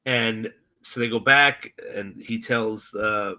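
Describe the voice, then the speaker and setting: A man co-hosting a podcast, chatting casually and retelling a TV scene with animated, acted-out quotes. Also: fairly low pitch, slow pace, rough recording. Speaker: podcast co-host. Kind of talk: casual chat recapping a TV episode.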